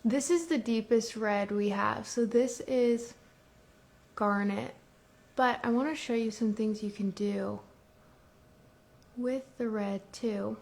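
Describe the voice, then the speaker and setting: A woman's voice: a little high, a little slow, vocal fry, darkish tone. A woman hosting a casual makeup tutorial, chatting through each step in a rambling way and restarting her phrases. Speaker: beauty brand host demonstrating makeup.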